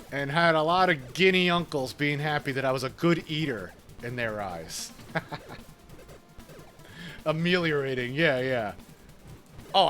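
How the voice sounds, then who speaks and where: A man's voice: fairly high pitch, pushed and bright. Chatty New York gamer guy. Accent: New York Italian-American. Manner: chatty, laughs often, swears casually. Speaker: game streamer. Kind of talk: casual chat while gaming.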